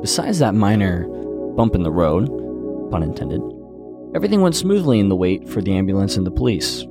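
A man's voice: sits low, big pitch swings, fairly quick, creaky, music in the background. A man narrating a true story in a conversational way, with teasing asides to the listener.

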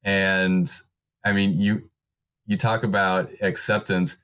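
A man's voice: low-pitched, level tone, slow pace, fairly bright tone, clear, resonant tone. A man talking openly and earnestly in casual podcast conversation. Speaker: podcaster, co-host.

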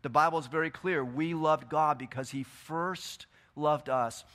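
A man preaching a sermon in a church, swinging between loud, emphatic bursts and quieter scripture reading. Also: a little high, measured pace. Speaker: pastor. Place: church sanctuary.

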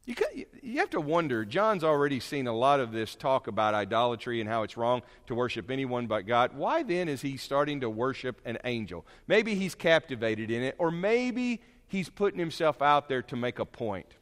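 A man's voice: mid-range voice, sing-song, moderate pace, hardly any pauses. Man preaching in a reverberant church. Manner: folksy, joking asides, rises to loud emphatic scripture reading. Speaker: pastor. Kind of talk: sermon. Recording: long hall reverb.

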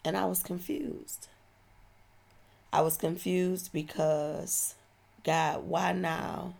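A woman's voice: on the low side, steady tone, very slow, vocal fry, darkish tone. A woman, giving a heartfelt, reflective personal testimony. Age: 40s.

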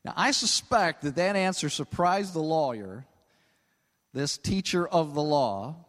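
Animated preacher with a lively high voice. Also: male voice. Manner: conversational, peppered with 'okay?'; animated, stretches key words for emphasis. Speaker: pastor. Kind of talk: sermon. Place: large church hall. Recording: long hall reverb.

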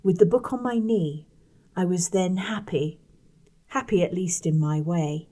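A woman with a voice on the low side reads a first-person story as a measured audiobook narration. On the quiet passages, she lets her voice drop softly.

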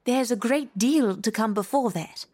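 A woman voicing the White Rabbit, a fussy, flustered male herald with a high, ringing call. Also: normal speed, a little mellow, no echo, natural voice. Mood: hasty.

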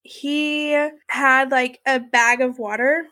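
A woman's voice: high voice, fairly even intonation, takes it slowly, pushed and bright. A woman telling her own story in a candid, conversational way, with many fillers like "like" and "you know". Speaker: interviewee sharing her story.

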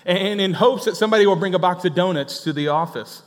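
High-voiced pastor in an echoey church. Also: male voice, fast talker. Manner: conversational storytelling with acted dialogue. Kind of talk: sermon.

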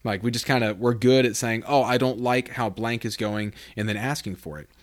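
A man's voice: medium pitch, steady tone, moderate pace. Male podcast host, conversational devotional teacher, plenty of "I mean" restarts, builds emphasis on scripture passages. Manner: conversational, reads scripture aloud with rising emphasis; self-correcting, many fillers like "I mean".

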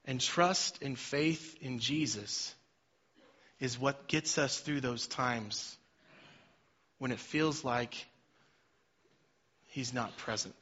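A middle-aged man, a pastor, preaching a sermon that moves from quiet personal stories to loud, emphatic calls to the congregation. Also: medium pitch, slow, pauses often, husky. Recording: slightly dull sound with faint music behind.

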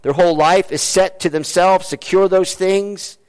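A male pastor preaching a Sunday sermon, pressing repeated rhetorical questions and dropping to a hushed, low voice as he closes. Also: steady tone, unhurried, clear, resonant tone. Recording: reverberant hall.

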